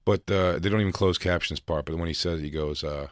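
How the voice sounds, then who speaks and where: Guy on a comedy podcast, lowish voice, dry close sound, does loud high voices when quoting people. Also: a little fast, no echo. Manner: animated, acts out quotes in loud high voices; swears freely. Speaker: podcast co-host. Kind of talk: casual comedy podcast chat.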